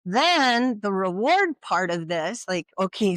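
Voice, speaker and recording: A presenter giving an informal educational talk at a community workshop. They speak conversationally, with frequent rhetorical questions and quick check-ins with the audience. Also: medium pitch, a bit bright, dry recording. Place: community event at a brewery.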